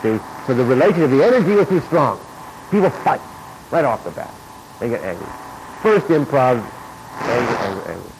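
A man teaching as an acting coach, talking in an informal lecture and acting out replies in sudden high bursts. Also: brisk, pauses often. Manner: animated, acts out his own and students' replies in sudden high bursts. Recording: noisy recording with steady background noise.

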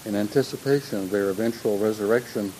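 A man's voice: fairly low pitch, quick pace, warm tone, slight background noise, low-quality recording. An older man speaking in a thoughtful, lecture-like way, with frequent restarts and personal asides. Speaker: speaker on humor and religion. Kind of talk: reflective lecture-style talk.

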